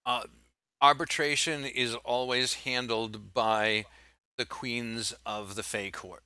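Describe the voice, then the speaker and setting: A man running a tabletop game, explaining the rules in a measured way. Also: mid-range voice, steady tone, sharp tone, smooth, no room sound. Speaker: game master.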